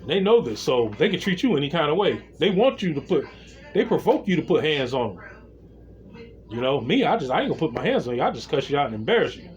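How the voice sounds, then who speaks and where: A man talking straight to camera in a loose, unscripted monologue, his voice sitting a little high for a man and swinging up and down as he tells his story. He swears freely and keeps turning to his viewers to address them directly. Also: very animated, fairly quick, highs cut off. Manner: talks straight to viewers as "y'all". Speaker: vlogger.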